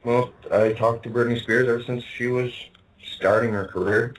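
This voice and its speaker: A man's voice: medium pitch, steady tone, moderate pace, recorded from a distance, low-quality recording. A man telling stories in a casual interview, meandering with fillers and restarts. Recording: voice from off the mic.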